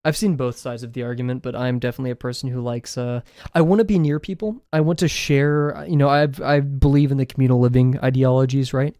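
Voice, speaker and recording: Young man, drawing streamer, rambling, self-deprecating, average pitch, dry close sound. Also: steady tone, fast, hardly any pauses, mellow, dry recording. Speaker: drawing livestreamer. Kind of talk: casual chat with viewers while drawing.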